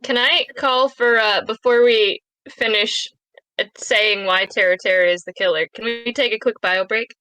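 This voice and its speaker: A woman's voice: a little high, fairly even intonation, moderate pace, pushed and bright, clear, resonant tone, no echo, rough recording. A woman in a casual game session, speaking politely with mock formality. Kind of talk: casual chat while voicing a game.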